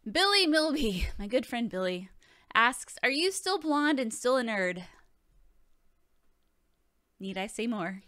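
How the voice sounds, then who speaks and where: A woman's voice: fairly high pitch, very animated, slow, pauses often, bright, forceful tone, no room sound, clean studio sound. A woman in her thirties hosting a casual question-and-answer vlog, talking in a profane, joking, chatty way. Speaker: video host answering viewer questions.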